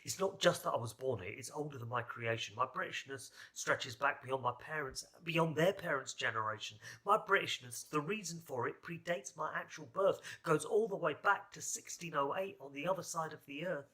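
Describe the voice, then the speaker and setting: A man's voice: fairly high pitch, moderate pace, few pauses, pushed and bright. Sardonic man performing spoken word. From England. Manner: rhythmic, sardonic rhyming delivery. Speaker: poet.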